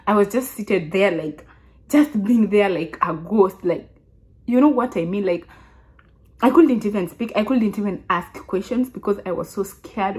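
A Kenyan woman in her twenties telling a casual story to her vlog audience, chatty and animated, often restarting her sentences. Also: medium pitch. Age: 20s. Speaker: vlogger.

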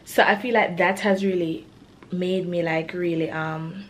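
A woman's voice: on the low side, fairly even intonation, unhurried, a little hiss or hum. A young woman, a college student, chatting casually to camera in a vlog, full of "like" and a little self-conscious. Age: young adult. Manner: chatty, peppered with "like".

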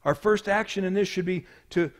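A man preaching a sermon as pastor, telling a story with swings from hushed to loud. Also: high-pitched, fairly quick.

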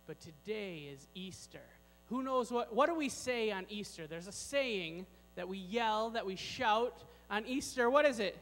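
A man with a very high voice leads a playful children's sermon, joking with the kids and the grown-ups. His voice rings out with a long reverb through a large church sanctuary. A faint mains hum sits underneath. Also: animated, unhurried, fairly bright tone.

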